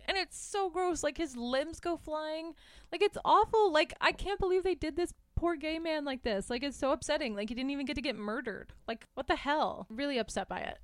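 A young adult woman hosting a podcast, recapping a horror film in a casual, animated way, laughing often and swearing freely. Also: a little high, clear, resonant tone, no echo, studio quality. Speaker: podcast host.

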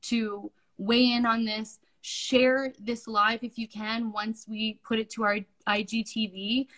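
A woman's voice: fairly high pitch, little pitch movement, takes it slowly, fairly bright tone, rough recording. A woman co-hosting a podcast, speaking earnestly and emphatically and closing the episode. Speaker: podcast co-host. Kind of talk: podcast discussion and sign-off.

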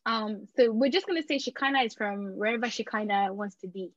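A woman's voice: medium pitch, a little fast, no echo. A young adult woman hosting a podcast in casual, chatty talk, laughing often and restarting her sentences. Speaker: podcast host. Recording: dull, dry lo-fi recording.

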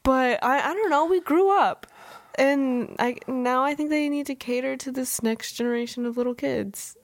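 High-voiced young woman, dry close sound. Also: no echo. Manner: chatty, storytelling, quick to laugh. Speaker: podcast co-host. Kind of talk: casual chat.

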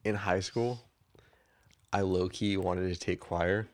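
A man co-hosting a casual podcast, joking and asking quick follow-up questions. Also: sits low, fairly even intonation. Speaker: podcast co-host. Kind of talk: casual chat.

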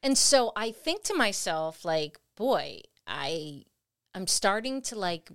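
A woman co-hosting a podcast, telling a personal story in a lively way and acting out her own past words. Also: medium pitch, takes it slowly, no room sound, studio quality. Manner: animated, acts out her own past lines. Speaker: podcast co-host. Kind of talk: storytelling conversation.

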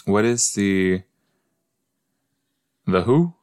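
A man's voice: low voice, slow, pauses often, fairly bright tone, clean tone. A man hosting a casual watch-along podcast, chatty and full of exclamations, often trailing off mid-thought. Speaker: podcast host reacting to a sitcom.

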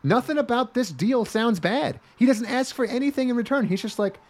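Animated, profane man recapping an anime. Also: very high-pitched, a little fast, few pauses. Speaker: podcast co-host reviewing an anime. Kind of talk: casual chat.

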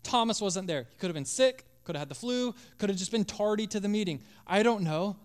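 A male pastor preaching a sermon with passion, acting out voices and dropping to a hush at times. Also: high-pitched, fairly quick, clear, resonant tone. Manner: impassioned, acts out biblical voices, drops to hushed tones.

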